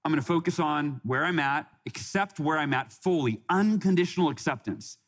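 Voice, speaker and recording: A man's voice: fairly high pitch, moderate pace. A man in his forties, a podcast guest, telling a personal story in an earnest way, often restarting and quoting others. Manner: earnest, with frequent restarts and quoted dialogue.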